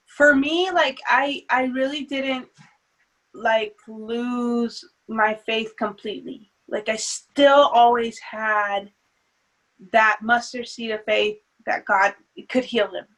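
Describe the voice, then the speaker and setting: A woman's voice: a little high, steady tone, takes it slowly, fairly bright tone, poor audio. A woman speaking as a guest in an interview, earnest and hesitant, with many fillers and restarts. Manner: earnest, faith-centered talk. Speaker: guest, grieving mother. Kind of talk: emotional interview.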